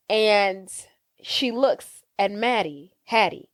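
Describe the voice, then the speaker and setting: A woman co-hosting a podcast, recapping a film in casual chat and acting out the characters' lines with animated voices. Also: a little high, slow pace, smooth, no echo. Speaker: podcast co-host.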